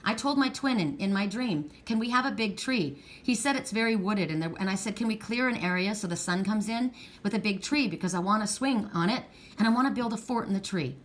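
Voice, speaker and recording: A woman's voice: medium pitch, expressive, fairly quick. A middle-aged woman giving a heartfelt, rambling pick-a-card reading, tearful at times. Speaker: tarot card reader.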